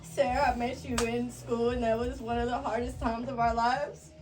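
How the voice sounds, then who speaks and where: A woman's voice: fairly high pitch, little pitch movement, normal speed. Emotional woman thanking friends from afar. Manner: heartfelt, tearful, laughing between words. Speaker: artist hosting her listening event. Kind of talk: emotional thank-you speech. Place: recording studio with a gathered crowd. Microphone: far from the mic. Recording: distant room mic with music behind.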